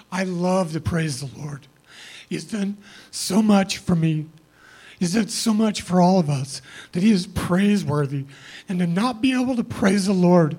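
Middle-aged man, fairly high pitch, plain-spoken and earnest; personal testimony to a congregation. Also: mellow, slightly rough. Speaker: church member giving testimony.

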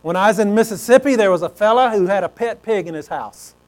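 Folksy high-voiced male preacher. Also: quick pace, a little mellow, low-quality recording. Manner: folksy, conversational storytelling. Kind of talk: sermon.

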